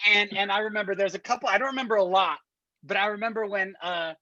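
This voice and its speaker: A man in his twenties, a podcast guest, telling a story casually in a slangy, animated way and swearing freely. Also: sits high, fast, dry recording, highs cut off.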